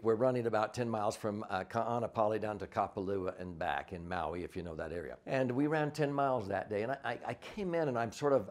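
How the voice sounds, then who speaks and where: Folksy older man telling a story. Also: lowish voice. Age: 60s. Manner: folksy, earnest, acts out his own quotes. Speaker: financial advisor and podcast host. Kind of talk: personal storytelling to camera.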